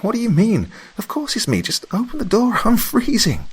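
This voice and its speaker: A man voicing a worried young woman who is locked outside and pleading to be let in, in a high falsetto. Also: wildly swooping pitch, normal speed, breathy edge, exaggerated voice.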